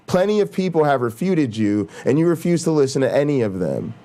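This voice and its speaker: Vlogger guy, swears a ton, fast ranty talk, kinda high voice. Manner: animated, profane, says "right?" a lot. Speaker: YouTube host. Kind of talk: casual profane rant.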